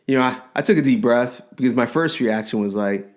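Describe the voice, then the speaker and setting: A man in his forties co-hosting a podcast, telling a story in casual chat with lively restarts and frequent laughs. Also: mid-range voice, fairly quick. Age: 40s. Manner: animated storyteller, rambling restarts, laughs often. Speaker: podcast co-host.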